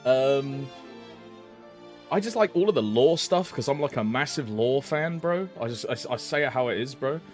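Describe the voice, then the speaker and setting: A man's voice: medium pitch, expressive, normal speed, faint music behind. A young man streaming a game, greeting chat by name, with frequent laughs and slangy banter. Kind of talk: casual live-stream chat.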